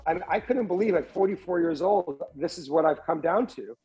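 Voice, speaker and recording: A man's voice: on the high side, a little fast, faint music behind, rough recording. A man, a restaurant entrepreneur telling his story as a podcast guest, often restarting and repeating words. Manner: animated storyteller who acts out other people's lines. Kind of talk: candid storytelling interview.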